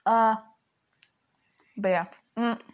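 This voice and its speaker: A woman's voice: on the high side, steady tone, extremely slow. A woman telling a fan story in a casual, rambling way, full of fillers and restarts.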